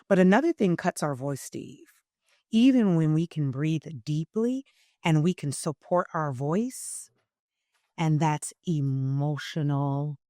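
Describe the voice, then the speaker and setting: Slow, emphatic woman voice coach. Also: low-pitched, no room sound, clean studio sound. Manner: emphatic, teacherly, swings between loud and soft phrasing. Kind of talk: interview guest explaining.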